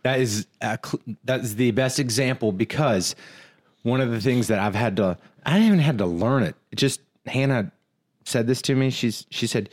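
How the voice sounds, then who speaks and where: A married man co-hosting a casual talk about marriage, speaking earnestly and often restarting his sentences. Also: mid-range voice. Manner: earnest, halting, many restarts. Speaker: podcast co-host. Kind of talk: casual marriage advice chat.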